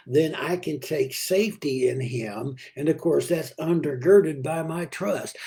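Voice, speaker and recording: A man preaching a daily devotional in an unhurried way, with many pauses and fillers. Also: fairly high pitch, dark tone. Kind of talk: devotional Bible talk.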